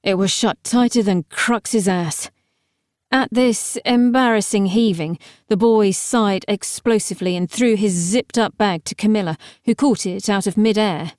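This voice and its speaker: A woman narrates a novel with wry, even storytelling. Her voice sits in a middle range and is recorded dry and close, with no room sound. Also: medium pitch, measured pace, no room sound. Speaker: audiobook narrator. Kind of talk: scripted narration.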